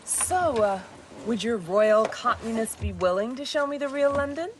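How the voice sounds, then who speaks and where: A woman's voice: fairly high pitch, lively intonation, moderate pace, close to an everyday voice. An actress playing a visiting tourist woman, teasing and a little flirty. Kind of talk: sitcom acting. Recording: noisy TV sitcom audio.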